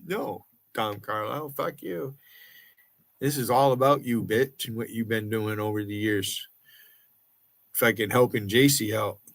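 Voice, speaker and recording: An American man in his sixties angrily rants on his livestream, profane and confrontational. His voice sits in the mid-range with a fairly bright tone, and the recording is dry.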